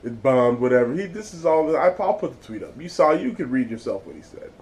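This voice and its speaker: A male vlog host rants in casual commentary, blunt and swearing freely. His voice sits a little high, and his tone stays exasperated throughout. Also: big pitch swings, a little fast, darkish tone, rough recording.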